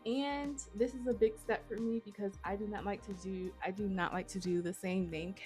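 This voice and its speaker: A woman chats to her viewers in a giddy, gushing vlog, calling them y'all again and again. Her voice sits at a middling pitch. Faint music plays quietly under her. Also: moderate pace. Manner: gushing, excitable, says y'all a lot. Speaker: writing vlogger. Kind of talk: casual chat to camera.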